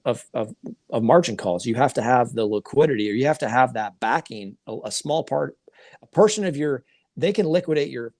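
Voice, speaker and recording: A man's voice: medium pitch, a little mellow, dry recording, studio quality. A man co-hosting a podcast, explaining markets in casual talk, often restarting his sentences. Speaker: podcast co-host.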